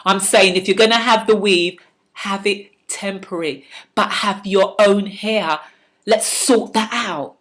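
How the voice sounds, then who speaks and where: A woman's voice: medium pitch, unhurried, fairly bright tone. A woman speaking in a fiery, preachy monologue to camera, repeating words and restarting sentences as she presses her point. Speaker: vlogger giving life advice.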